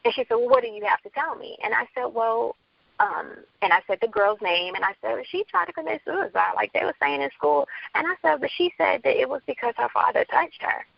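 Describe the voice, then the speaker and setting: Candid woman with a lively, gravelly voice. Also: on the high side, a little fast, no room sound, lo-fi sound. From Bronx, New York. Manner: candid, re-enacts quoted dialogue. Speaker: author guest. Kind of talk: personal storytelling interview.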